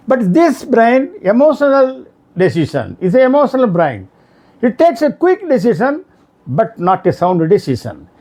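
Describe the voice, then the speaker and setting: A middle-aged man with an Indian English accent giving a motivational lecture, telling stories and acting out the quoted shouts. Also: sits high. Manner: animated storytelling, acts out quoted shouts. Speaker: speaker on emotional intelligence.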